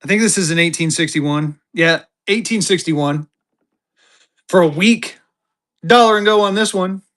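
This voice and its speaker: A man selling collectible banknotes on a live auction stream, talking to his viewers in an excited, chatty way. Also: high-pitched, measured pace. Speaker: livestream seller.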